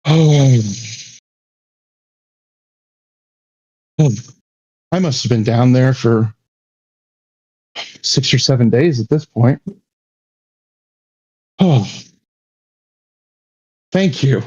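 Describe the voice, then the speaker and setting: A man voicing a weary grown mermaid aunt who speaks in halting, breathy bursts. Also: mid-range voice, darkish tone, highs cut off.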